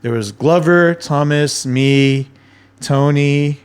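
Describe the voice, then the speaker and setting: A man telling stories in a casual podcast chat, animated and swearing freely as he acts out what people said. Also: on the high side, takes it slowly, clean tone. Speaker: podcast guest.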